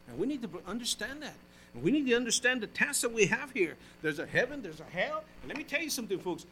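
A male pastor preaching a sermon in church, calling out to the congregation and switching between loud exhortation and hushed, folksy storytelling. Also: very high-pitched, slight background noise, rough recording.

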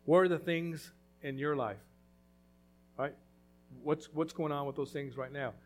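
A man's voice: on the high side, unhurried, slight background noise. A man preaching a sermon as pastor, emphatic and repetitive, full of rhetorical questions.

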